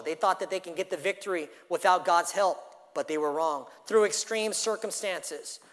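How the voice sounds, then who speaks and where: A male pastor preaches in a church, his voice somewhat higher than most men's and carrying a long reverb that tails off through the sanctuary. He shifts between emphatic, rising phrases and quiet, drawn-out endings as he tells a story. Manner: dynamic preaching, storytelling with acted quotes, swings from loud to hushed. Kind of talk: sermon.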